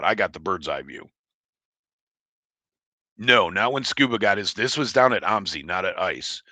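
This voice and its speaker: A man with a low voice and a bright, forceful edge hosts a livestream in casual chat. He rambles and answers his chat, speaking bluntly and swearing freely. His voice sounds close and dry. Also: no echo. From Oregon. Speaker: livestream host.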